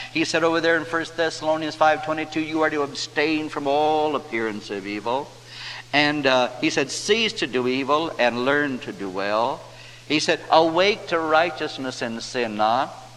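A man preaching a sermon, quoting scripture and slowing down for emphasis. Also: medium pitch, fairly bright tone. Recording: reverberant hall, faint hum.

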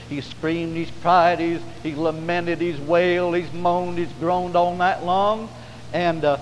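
A male preacher delivers a revival sermon, his voice pitched a bit high and swelling with fervor on drawn-out phrases. He is recorded in a church with a long, ringing reverb. A faint hum sits underneath. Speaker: pastor. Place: church service.

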